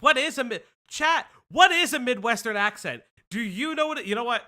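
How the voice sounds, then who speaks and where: An American man hosting a casual livestream commentary, rambling and excitable with lots of stammered restarts. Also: very high voice, brisk. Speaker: streamer host.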